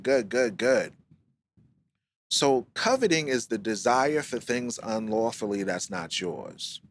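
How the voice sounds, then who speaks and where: A man leading a live-streamed Bible study, reading scripture slowly, then explaining it in lively slang. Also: lowish voice, a little hiss or hum. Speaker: Bible teacher.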